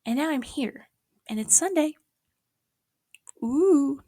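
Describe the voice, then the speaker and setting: A woman's voice: sits high, takes it slowly, no echo, studio quality. A young woman chatting casually in a rambling vlog about her day, sometimes dropping to a whisper. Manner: rambling, animated, swings into whispers. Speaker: vlogger. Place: small apartment at night.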